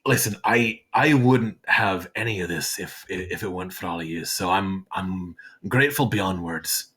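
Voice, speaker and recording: A man voicing a bashful, grateful father with rotten teeth, who stammers through halting, homely speech. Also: low-pitched, fairly bright tone, husky. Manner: homely "aye, lad" speech.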